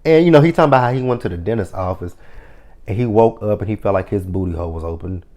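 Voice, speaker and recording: A man in his thirties recapping a TV episode in a casual, profane, animated vlog style, acting out the characters' lines as he goes. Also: lowish voice, fast. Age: 30s. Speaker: TV episode reviewer.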